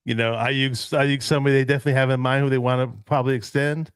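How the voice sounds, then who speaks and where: A man's voice: mid-range voice, level tone, fast talker, clean tone, no echo, clean studio sound. A man hosting a casual live sports chat, talking loosely, laughing often and reading out viewer comments. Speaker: host.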